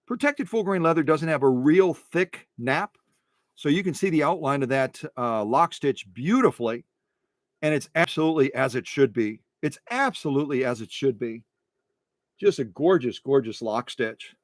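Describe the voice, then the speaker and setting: A man's voice: mid-range voice, animated, normal speed, no room sound, studio quality. A man restoring sewing machines, talking casually through a stitching demo in his workshop, repeating phrases and breaking into playful mock rants.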